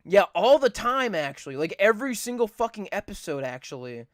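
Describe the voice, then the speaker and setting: Profane rambling podcast co-host, lively pitch. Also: brisk, no echo, clean studio sound. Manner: rambling, profane, repeats points for emphasis. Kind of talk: casual chat.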